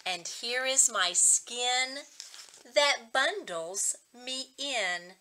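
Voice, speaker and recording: A woman teacher reading a picture book aloud to young children and slowly sounding out word-family words. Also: fairly high pitch, lively intonation, pushed and bright, slight background noise. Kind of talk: children's read-aloud and phonics lesson.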